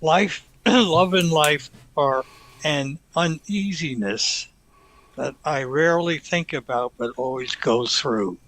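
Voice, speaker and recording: A man in the congregation reading out a short reflection he wrote, hesitant and unhurried. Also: fairly high pitch, a bit bright, poor audio. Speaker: congregant sharing a thought.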